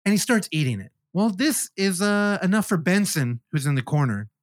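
A man's voice: sits high, very animated, moderate pace, no room sound, studio quality. A man hosting a podcast, animatedly retelling a movie in casual chat and swearing freely. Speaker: podcast host. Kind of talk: casual film review chat.

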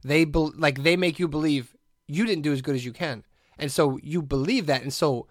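A man's voice: fairly high pitch, moderate pace, dry recording. A man co-hosting a podcast in casual chat, speaking matter-of-factly with dry humor and acting out quoted voices. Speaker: podcast co-host.

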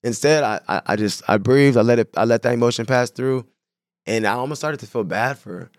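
A man from San Diego, a guest on a podcast, talking in a casual, animated, slangy way. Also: medium pitch, fairly quick, no room sound, clean studio sound. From San Diego, California. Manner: animated, slangy, says "bro" and "you know what I'm saying" a lot. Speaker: podcast guest, clothing brand owner. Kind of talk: casual conversation.

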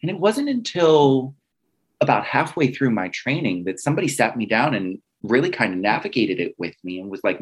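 A man's voice: mid-range voice, sing-song, moderate pace, slightly rough. A man casually telling a personal story, acting out quoted dialogue with lots of restarts and fillers.

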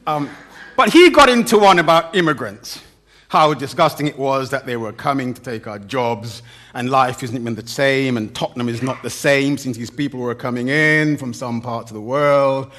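A middle-aged man preaching a sermon, with dramatic emphasis, pauses and humorous asides. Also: mid-range voice, sharp tone.

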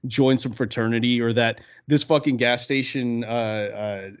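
A man's voice: medium pitch, fairly even intonation, a little slow, clear, resonant tone. Swearing man on a dull mic. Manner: emphatic, heavy swearing, rhetorical questions. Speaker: podcast co-host. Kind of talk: casual movie podcast chat.

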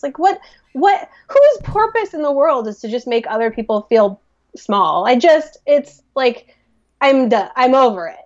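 A woman from the American Midwest with a Midwestern accent, co-hosting a podcast in animated, self-mocking casual chat. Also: sits high, unhurried, lo-fi sound. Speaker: podcast co-host.

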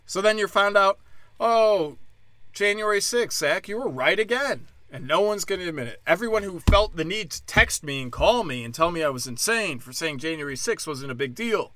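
A man's voice: fairly high pitch, lively intonation, fairly quick, hardly any pauses, pushed and bright, no room sound. A man hosting his own podcast alone, ranting with anger, swearing and sarcasm, and mocking others in put-on voices. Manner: angry, profane, sarcastic ranting. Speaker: podcast host and stand-up comedian. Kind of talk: solo ranting podcast monologue.

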